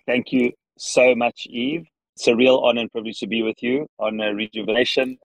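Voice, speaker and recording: A man with a South African accent, a podcast guest answering questions earnestly from his parked car, with frequent restarts and pauses. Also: medium pitch, level tone, vocal fry, no echo, poor audio. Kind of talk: thoughtful interview answers.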